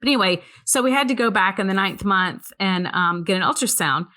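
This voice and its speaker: Bright-voiced woman telling a story. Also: mid-range voice, fairly quick. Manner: rambling with many "um" and "so anyway"; animated, voices the people in her story. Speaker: guest, ministry co-founder. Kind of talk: casual storytelling conversation.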